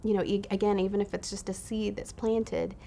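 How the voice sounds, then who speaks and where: Woman, ministry leader, earnest heartfelt storytelling, slight vocal fry. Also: mid-range voice, flat delivery, brisk, warm tone, a little hiss or hum. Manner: earnest, heartfelt retelling with quoted voices. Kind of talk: personal storytelling talk.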